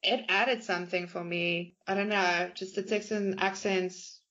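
A woman's voice: medium pitch, fairly even intonation, measured pace, a bit bright, dull audio. A woman co-hosting a podcast, chatting about a film in a hesitant way with lots of fillers. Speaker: podcast co-host. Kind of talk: casual film discussion.

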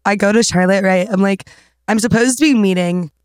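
Young woman, mid-pitched, chatty storyteller, heavy filler words, dry close mic. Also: clean tone, no room sound. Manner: fast rambling, heavy filler "like", swearing. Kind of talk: casual storytelling chat.

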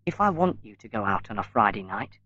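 A man voicing a tired older mother who speaks quietly and bitterly. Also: on the low side, big pitch swings, brisk, no echo, lo-fi sound, voice pushed down.

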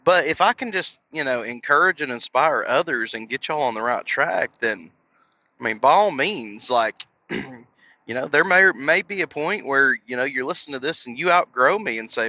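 A podcast host talks casually into a headset, rambling and self-deprecating, full of fillers and acting out the voices of people in his stories. His mid-range voice is expressive, pushed and bright at a normal speed. The highs are cut off.

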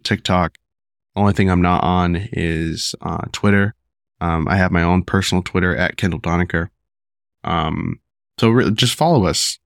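A deep-voiced man hosting his podcast while sick, his voice rough. He rambles casually with many ums and restarts. The sound is dry and close. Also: no echo. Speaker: podcast host. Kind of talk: casual solo podcast talk.

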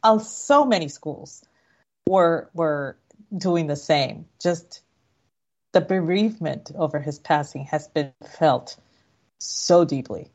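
A woman's voice: sits low, takes it slowly, darkish tone. A woman co-hosting a casual talk show, rambling with frequent restarts. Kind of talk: casual chat. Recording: muffled lo-fi audio.

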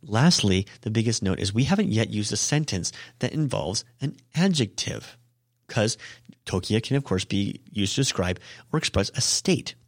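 Guy with a lowish voice teaching japanese on his podcast, lots of ums, fixes himself mid-sentence, dry sound. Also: animated, normal speed, no room sound. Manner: explains with many ums and self-corrections. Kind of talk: casual podcast language lesson.

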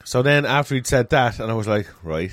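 A man's voice: mid-range voice, a little fast, dry recording. A man in casual chat, telling a story and acting out the other people's lines. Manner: animated storytelling, acts out customers' lines. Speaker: restaurant manager telling stories.

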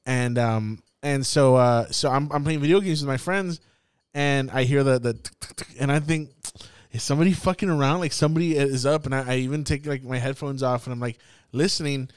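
A young man hosting a podcast, telling a story in a casual, profane, animated way and acting out the scenes. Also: medium pitch, brisk, smooth, no room sound, clean studio sound. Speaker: podcast host. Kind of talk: casual chat.

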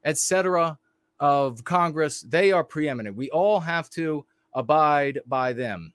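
A man with a medium-pitched voice vents heatedly as a political commentator during a livestream. His blunt talk is full of restarts and fillers, and the audio has no echo.

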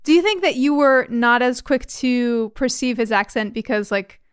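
A woman's voice: on the high side, lively intonation, normal speed, clear, resonant tone, no room sound, studio quality. A woman, co-hosting a podcast and teasing her co-host through rambling, playful asides. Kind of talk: casual chat recapping a TV episode.

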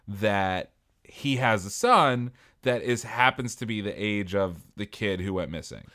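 A man's voice: lowish voice, expressive, measured pace, fairly bright tone. A man co-hosting a podcast in casual chat, chiming in with wry jokes and agreement. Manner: wry, joking interjections. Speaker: podcast co-host.

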